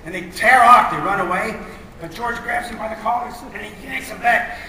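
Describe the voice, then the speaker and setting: Man pitching a cartoon on stage, animated storyteller, high-pitched, recorded from far back in a reverberant hall. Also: fairly quick. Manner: animated, acts out scenes. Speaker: cartoon creator pitching a show. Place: large convention hall. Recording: echoey hall from far off, noisy.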